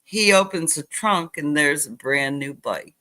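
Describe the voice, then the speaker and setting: Slow-talking older woman telling stories. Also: deep voice. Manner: animated retelling with acted quotes. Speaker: guest. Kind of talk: casual storytelling chat.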